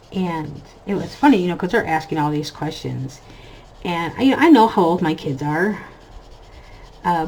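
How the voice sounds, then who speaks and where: Colouring as she talks, an American woman in her thirties drifts between family stories and comments on her work in a casual chat. Her voice is fairly low with a darkish tone. The audio is poor, with slight background noise.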